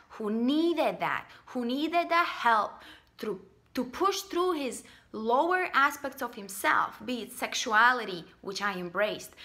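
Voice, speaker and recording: A woman's voice: on the high side, sharp tone. A woman talking in a casual spiritual vlog, blunt and emphatic. She swears freely and repeats phrases to drive her points home. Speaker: spiritual vlogger. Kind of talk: casual spoken monologue.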